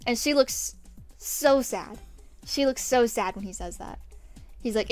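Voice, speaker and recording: A woman's voice: fairly high pitch, unhurried, long pauses, darkish tone, soft background music. A young woman streamer telling a story in a chatty, self-mocking way, laughing often. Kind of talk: casual storytime while drawing.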